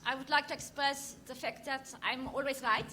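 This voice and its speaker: A woman's voice: high-pitched, fairly even intonation, normal speed, close to an everyday voice. A woman voicing a bossy, haughty female fashion photographer pony in a thick put-on accent. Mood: imperious. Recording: crowd and noise at a convention panel.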